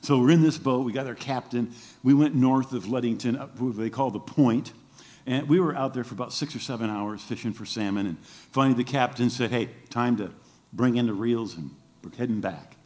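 A middle-aged man, a pastor preaching a sermon and telling a story, who acts out the voices he quotes. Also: brisk. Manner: animated storytelling, acts out quoted voices with big pitch jumps.

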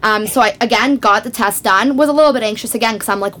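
A woman's voice: on the high side, fast talker, a little hiss or hum. Chatty woman guest telling a story. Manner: animated, self-mocking, giggly. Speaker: podcast guest. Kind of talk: casual chat, storytelling.

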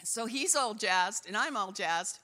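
A woman pastor preaches an enthusiastic, story-driven sermon, sprinkling in casual "you know"s. Her voice is bright and sharp, of middling pitch. It rings out with the long reverb of a church hall. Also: lively intonation, unhurried. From Canada.

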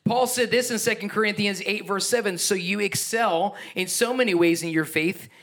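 Man, pastor, sermon, emphatic and lively delivery, fairly high voice. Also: normal speed. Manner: energetic, emphatic preaching with asides and chuckles.

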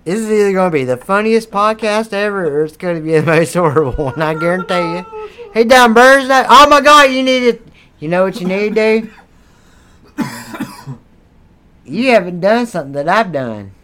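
High, bright-voiced man cursing and rambling. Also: animated, normal speed, clean tone. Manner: rambling, profane, laughing often. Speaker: podcast host. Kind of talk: crude comedic podcast banter.

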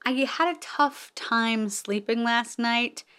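A woman's voice: a little high, takes it slowly, a bit bright, clear, resonant tone. A woman hosting a podcast, talking in a rambling, playful, self-amused way. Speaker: podcast host. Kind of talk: casual podcast monologue.

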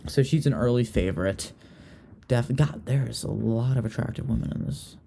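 A man's voice: medium pitch, normal speed, vocal fry, dark tone, slight background noise. A young man from Virginia hosting a casual podcast, chatty and gossipy, often trailing off and restarting. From Richmond, Virginia. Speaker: podcast host. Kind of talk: casual chat.

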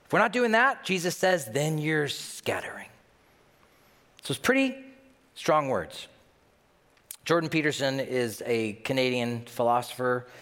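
A male pastor delivers a sermon with a lively, wide-ranging voice that jumps between loud emphasis and quiet, hushed asides. His mid-pitched voice rings out with a long reverb, as if in a large hall.

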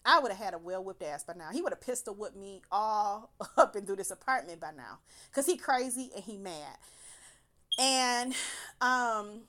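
A woman's voice: mid-range voice, lively intonation, moderate pace, bright, forceful tone. A woman casually telling a personal story, swearing freely and laughing through her words.

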